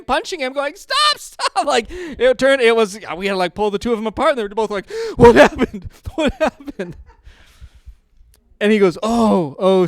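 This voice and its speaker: A young adult man pastor preaching a sermon in a conversational, storytelling way, laughing often and growing loud and animated in his stories. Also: very high-pitched, clear, resonant tone, no room sound, clean studio sound. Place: church.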